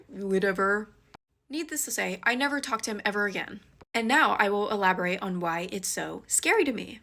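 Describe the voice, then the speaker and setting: A young woman with a mid-range voice tells a scary personal story in casual speech. She swings between quick rushes and slow, weighty pauses. It sounds like it was recorded close on a phone. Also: mid-range voice. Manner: animated and dramatic, shifting between fast rushes and slow emphasis.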